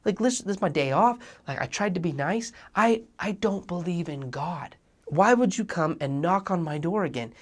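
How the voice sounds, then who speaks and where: A man's voice: high voice, lively intonation, moderate pace, pitched above the performer's own voice. A man doing a furious burly guy at the door. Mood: exasperated. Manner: exasperated, raised voice. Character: angry burly adult man answering door.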